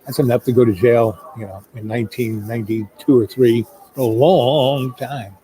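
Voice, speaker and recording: A man's voice: medium pitch, steady tone, normal speed, dark tone, a little hiss or hum, rough recording. A middle-aged man telling a long anecdote in a loose, rambling way, full of fillers. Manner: rambling, full of "um" and "you know". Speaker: storyteller. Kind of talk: casual spoken anecdote. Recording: crowd chatter in the background.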